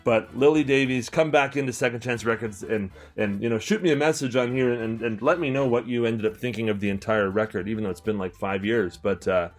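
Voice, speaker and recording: A Canadian man in his twenties, a record collector who owns a store and hosts a channel, chats casually to camera about a favorite album. His mid-range voice is brisk with hardly any pauses, and he rambles enthusiastically with lots of fillers and restarts over soft background music.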